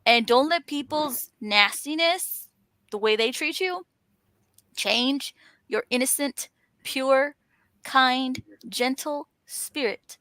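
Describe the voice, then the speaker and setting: A woman's voice: high-pitched, takes it slowly, sharp tone, no echo. A woman talking in an earnest, encouraging way, stacking up emphatic lists. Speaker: author and panel host. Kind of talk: motivational casual chat.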